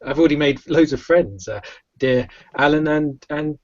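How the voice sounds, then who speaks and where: A man voicing a polite, gentlemanly male vampire who speaks formally and hesitantly, in a dull lo-fi recording. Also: fairly high pitch, normal speed, no echo, close to an everyday voice. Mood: courtly.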